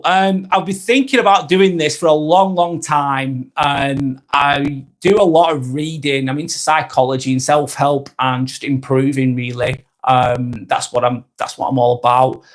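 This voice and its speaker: A man's voice: a little high, normal speed, few pauses. A man with a Lancashire accent hosting a live stream, talking in a rambling, reflective way and often restarting and correcting himself. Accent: Lancashire (Blackburn). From Lancashire, northwest England. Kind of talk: casual live-stream monologue.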